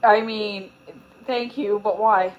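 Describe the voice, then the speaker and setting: A woman's voice: medium pitch, fairly even intonation, slow pace, highs cut off, close to an everyday voice. A woman reading a storybook aloud and voicing a polite, slightly hesitant ten-year-old girl. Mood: earnest.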